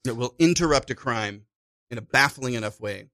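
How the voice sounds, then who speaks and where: A man's voice: medium pitch, animated, normal speed, bright, forceful tone. A man from Chicago, a podcast guest, telling a story in casual chat and acting out voices and sounds as he goes.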